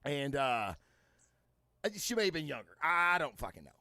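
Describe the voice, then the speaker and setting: A man's voice: a little high, big pitch swings, normal speed, dry recording, clean studio sound. A man hosting a casual podcast, telling stories loosely with many fillers and plenty of swearing. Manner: loud, swearing, storytelling with lots of fillers. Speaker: podcast host. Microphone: studio microphone.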